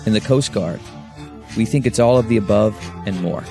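A man voices a recruitment ad in a low, gravelly tone. He asks reflective questions at a measured pace. A clear music bed plays under him. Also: mellow. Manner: reflective, measured delivery built around questions. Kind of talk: recruitment ad voice-over.

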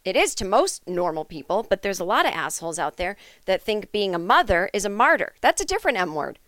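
A woman's voice: mid-range voice, sing-song, brisk, fairly bright tone, dry recording. A woman hosting a comedic podcast, ranting in a sarcastic, indignant and profane way. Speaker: podcast host. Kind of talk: comedic rant monologue.

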